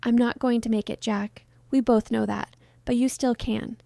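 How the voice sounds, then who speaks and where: A woman voicing a soft, pleading heartbroken star. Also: on the high side, fairly even intonation, moderate pace, gravelly, dry recording, clean studio sound. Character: heartbroken film star woman in her thirties, tender and pleading. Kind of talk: dramatized story reading.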